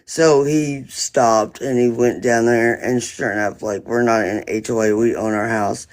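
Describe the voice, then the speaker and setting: A man's voice: medium pitch, fairly even intonation, a little slow. A man on a phone live stream, rambling through an indignant, profane story about a neighbor in casual chat. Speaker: livestreamer.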